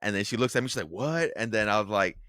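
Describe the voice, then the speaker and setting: A man's voice: lowish voice, fairly even intonation, racing, bright, forceful tone, clear, resonant tone, no room sound, studio quality. A man co-hosting a casual podcast, rambling with plenty of fillers, restarts and swearing. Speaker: podcast co-host.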